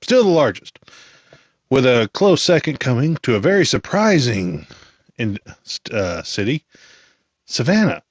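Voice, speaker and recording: A man talks his way through a casual solo podcast in a middle-range voice. He rambles, full of animated asides. The recording is dry and a little dull, with a lo-fi edge. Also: mid-range voice, unhurried, long pauses, slightly rough, no room sound. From United States. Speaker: podcast host.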